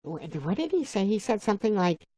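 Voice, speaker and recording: A man's voice: high voice, big pitch swings, a little fast, dark tone, no room sound, poor audio. A man on a live stream, chatting casually, laughing often and reading viewers' comments aloud. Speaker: livestreamer.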